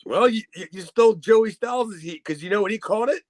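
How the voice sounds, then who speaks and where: A man's voice: high-pitched, fast talker, darkish tone, dry recording. A man co-hosting a podcast, talking casually in a rambling way, laughing often and swearing. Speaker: podcast co-host. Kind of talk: casual chat.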